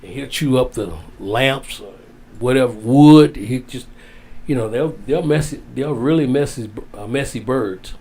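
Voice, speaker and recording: A man telling a heartfelt story as a guest, drawn out, dropping low and soft on the sad parts. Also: unhurried, hardly any pauses, breathy edge. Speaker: wrestling guest. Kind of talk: storytelling in casual interview.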